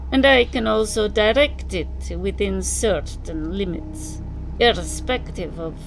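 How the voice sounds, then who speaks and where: A woman voicing a jovial middle-aged man with a Slavic accent, slow and beaming. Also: medium pitch, vocal fry, a little hiss or hum. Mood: sly. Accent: Slavic, put on.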